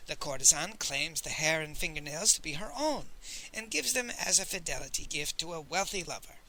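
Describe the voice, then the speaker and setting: A male audiobook narrator who reads in an animated storytelling style. His voice sits fairly high, with wide pitch swings and a sharp, bright tone. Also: brisk, rough recording. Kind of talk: expressive audiobook reading.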